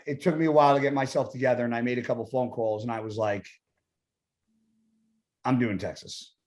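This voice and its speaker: A middle-aged man, a retired bodybuilder, talking as a podcast guest. He tells his story bluntly, swearing often and acting out quoted conversations. His voice sits at an everyday middle pitch. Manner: blunt, profane, acts out his own quoted lines. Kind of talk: casual storytelling interview.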